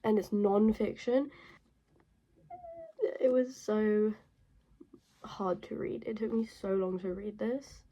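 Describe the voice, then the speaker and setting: Woman, casual book vlogger, blunt, gravelly warm tone. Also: medium pitch, steady tone, slow pace, long pauses, a little hiss or hum, rough recording. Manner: chatty, rambling and blunt. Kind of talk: casual book review chat. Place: her bedroom.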